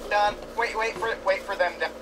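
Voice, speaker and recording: A man's voice: sits high, steady tone, normal speed, sharp tone, rough recording. A man playing along in a gaming session, teasing his friends and telling rambling stories full of fillers. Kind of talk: casual let's-play chat.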